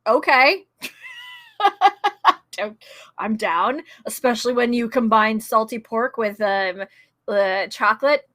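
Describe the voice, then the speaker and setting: A woman's voice: on the high side, slow, pauses often, fairly bright tone. A middle-aged woman streamer chatting casually, bubbly and laughing often as she greets her viewers. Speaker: streamer and guest. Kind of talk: casual chat while streaming.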